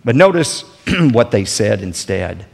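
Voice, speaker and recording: A man's voice: very animated, slow pace, gravelly, in a large hall. Man preaching with sweeping, dramatic delivery. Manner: dramatic preaching with big swings in pitch and volume. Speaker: pastor. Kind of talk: sermon.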